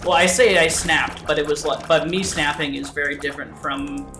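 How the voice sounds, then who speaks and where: A young let's play host casually tells a story over gameplay, rambling and swearing with lots of restarts and fillers. His voice is on the high side with a steady tone and moderate pace. The recording sounds roomy, with game music playing behind him.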